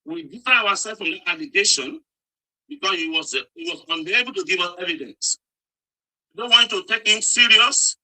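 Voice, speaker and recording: A man's voice: high voice, normal speed, pushed and bright, rough recording. A man addressing everyone in an online audio room, making an earnest, formal statement.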